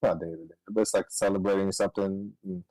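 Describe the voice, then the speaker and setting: A young man on a podcast, casually telling a story, swearing and laughing, his voice jumping high when he gets excited. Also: fast talker, dry recording, poor audio. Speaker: podcast co-host.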